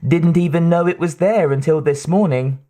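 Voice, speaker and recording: A man's voice: fairly high pitch, moderate pace, warm tone, voice pushed up, close to an everyday voice. A man putting on a chirpy young woman. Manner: chirpy, announcing. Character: bright young woman crew member.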